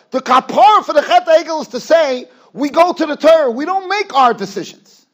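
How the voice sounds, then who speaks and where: Animated high-voiced rabbi lecturing. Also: male voice. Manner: animated, swings from emphatic to hushed, repeats phrases. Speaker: rabbi giving a Torah class. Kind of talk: yeshiva lecture. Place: yeshiva study hall.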